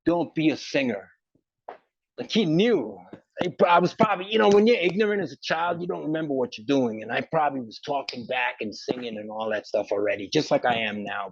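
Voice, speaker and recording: Male musician guest, rambling animated talk, gravelly, dull dry sound. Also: mid-range voice, no echo. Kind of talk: casual interview.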